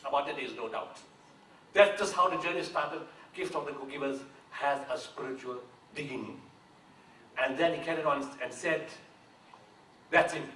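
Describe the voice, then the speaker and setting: A man's voice: on the high side, normal speed, bright, forceful tone. A man giving an earnest speech at a book launch, rising to emphatic declarations. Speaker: founder of the charity, speaking at a book launch. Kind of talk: public speech. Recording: echoey hall from a distance, faint noise.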